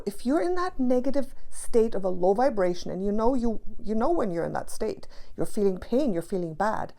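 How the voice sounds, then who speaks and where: A woman's voice: mid-range voice, expressive, moderate pace, warm tone. A woman teaching spiritual practice to camera, passionate and emphatic, repeating key phrases for stress.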